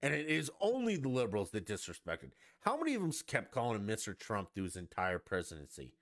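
Man, podcast host, low voice, lively swooping delivery, profane sarcastic rant. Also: fast. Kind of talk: ranting solo podcast monologue.

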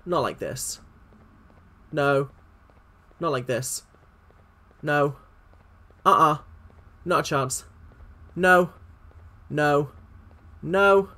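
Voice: medium pitch, very slow, pauses often, bright, forceful tone. Jumpy, swearing horror game player. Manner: jumpy, swears and repeats exclamations when scared. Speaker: let's play gamer.

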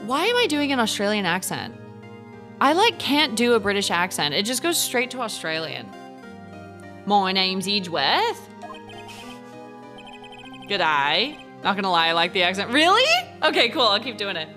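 A young adult woman gives casual let's-play commentary, tossing animated, jokey asides to her viewers. Her voice bounces widely in pitch. Game music runs clearly behind her. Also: a little fast. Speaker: gaming streamer.

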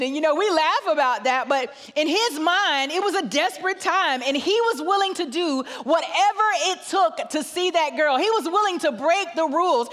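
A middle-aged woman preaches in a large church. Her voice sits high, and she acts out family dialogue with lively storytelling. A long reverb trails each phrase through the hall. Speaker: guest pastor. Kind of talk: sermon with storytelling.

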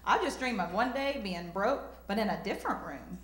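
A woman's voice: medium pitch, expressive, normal speed, fairly bright tone. A young woman with a Southern American accent doing a self-deprecating stand-up set, drawling and talking back to the crowd. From rural American South. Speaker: stand-up comedian. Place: comedy club stage. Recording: roomy club reverb.

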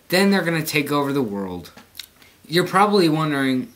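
A man's voice: fairly high pitch, big pitch swings, normal speed, fairly bright tone. A seventeen-year-old young man delivering a rambling, mock-serious comedic vlog monologue into a camera mic. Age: late teens. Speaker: vlogger.

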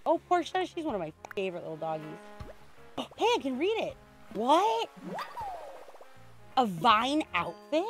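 A woman streaming a video game, chatting casually in an excitable, rambling way with frequent restarts. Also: sits high, normal speed, pauses often, soft background music. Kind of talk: casual game livestream chat.

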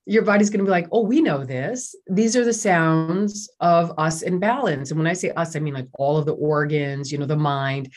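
A woman's voice: low-pitched, fairly even intonation, moderate pace, hardly any pauses. A middle-aged woman, a doctor guest in an interview, talking in an enthusiastic, chatty way with many fillers. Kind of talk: casual interview talk.

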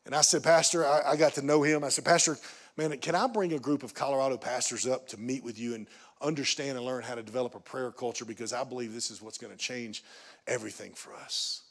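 A man pastor preaching a sermon in a church, telling a story that swings from hushed, quiet passages to emphatic, raised pleading. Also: mid-range voice, steady tone, fast talker, slightly rough. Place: church sanctuary.

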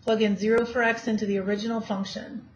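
This woman math teacher talks fast in a mid-range voice with little pitch movement. She lectures her class and quizzes the students as she goes through problems, on a dull lo-fi classroom recording with faint hiss.

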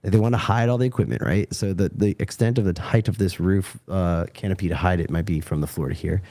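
A man's voice: deep voice, fast, mellow. A man hosting a podcast in a rambling, profane and self-deprecating way. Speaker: podcast host. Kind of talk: casual podcast chat.

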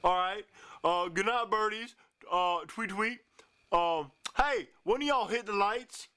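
A man's voice: high voice, takes it slowly, pushed and bright, exaggerated voice. A man doing Black Yoshi, a drawling laid-back dinosaur. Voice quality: drawling, says "folks" a lot. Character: laid-back slangy male dinosaur, carefree.

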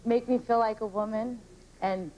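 A woman's voice: a little high, fairly even intonation, moderate pace, a little mellow, slight background noise, rough recording. A woman contestant on a televised dating game, answering eagerly and upbeat.

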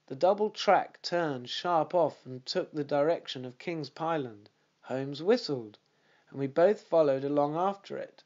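Male reader for a classic detective audiobook, steady, slightly high voice, dull lo-fi sound. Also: unhurried. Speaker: audiobook narrator. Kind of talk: scripted narration of a classic detective story.

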